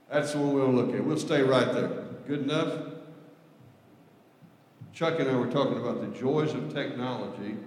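A man preaching as pastor in a conversational, folksy way. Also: a little high. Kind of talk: sermon. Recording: echoey hall with long reverb.

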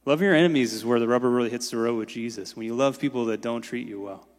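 A man's voice: mid-range voice, fast. A man preaching a sermon as pastor in a casual, conversational way, often saying "like". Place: church sanctuary. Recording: long reverb in a large hall.

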